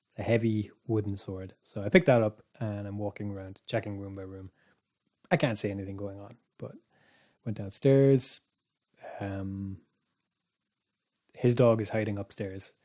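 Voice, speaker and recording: A man casually telling a spooky story on a podcast, rambling with restarts and dropping to a hush for his own thoughts. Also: lowish voice. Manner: rambling, restarts, quiet asides when recalling his thoughts. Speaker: podcast co-host.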